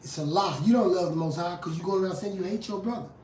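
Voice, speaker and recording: A street preacher and rap artist giving a fiery, confrontational live sermon, moving from low scripture reading to loud outbursts. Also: fast. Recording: roomy echo from a distant mic.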